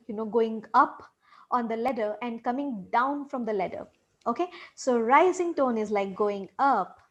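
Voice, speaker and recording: Patient female English teacher with a fairly high voice and an unhurried delivery, demonstrating tones. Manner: patient, repeats example sentences with exaggerated rising and falling tones. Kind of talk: micro-lesson on intonation.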